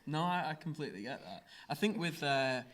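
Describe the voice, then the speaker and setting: A man's voice: fairly high pitch, animated, fairly quick, a bit bright, a little hiss or hum. A man hosting a podcast, asking questions in a loose, conversational way. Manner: conversational, lots of fillers like "kind of". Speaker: podcast host. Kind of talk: casual podcast interview.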